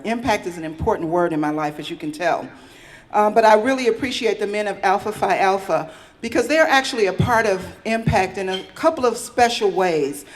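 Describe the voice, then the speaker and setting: Chatty woman giving an acceptance speech. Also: medium pitch. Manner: candid, chatty, with fillers. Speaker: award recipient.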